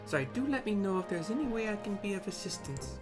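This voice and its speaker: A woman's voice: mid-range voice, animated, fast, over music, voice pushed up, natural voice. A man voicing a polite, courteous young woman in a game story, with a raised voice and formal phrasing.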